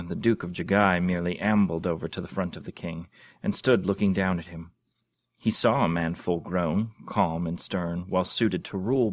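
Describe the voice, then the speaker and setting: A man reading a fantasy story aloud in a measured, expressive way. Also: low voice. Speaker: narrator.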